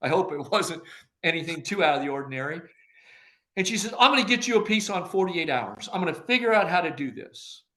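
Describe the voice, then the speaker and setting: An older man recounting his career in a relaxed interview, slipping into the voices of the people he quotes and laughing as he goes. His voice sits fairly high for a man and sounds bright and forceful. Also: fairly quick. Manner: animated storyteller who acts out quoted dialogue, laughing often. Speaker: former agency director, podcast guest. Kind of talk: anecdotal interview storytelling.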